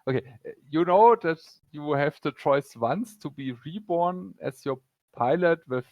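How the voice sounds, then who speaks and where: A man with a German accent running a tabletop game as game master, speaking haltingly with many fillers. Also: fairly high pitch, a little mellow, no echo.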